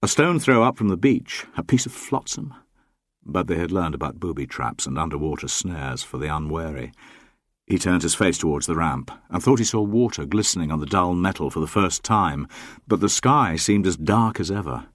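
A man with a very low voice reads a novel aloud in a measured, steady way. The sound is close and dry, with no room around it. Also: no room sound. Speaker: audiobook narrator. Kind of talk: scripted narration.

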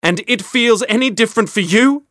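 A man's voice: a little high, a little fast, a bit bright, dry recording, studio quality, pitched above the performer's own voice, natural voice. A man reading an audiobook, voicing a young queen who speaks with cutting sarcasm and a raised voice. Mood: impassioned. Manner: cutting sarcasm, rising to cries. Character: young adult queen, sharp-tongued and fierce.

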